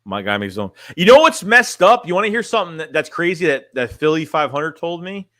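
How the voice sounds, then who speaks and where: A man's voice: fairly high pitch, big pitch swings, a little fast, a bit bright, no room sound, clean studio sound. A man chatting casually on a livestream as a sports fan streamer, reading chat and talking bluntly, rambling and restarting his phrases.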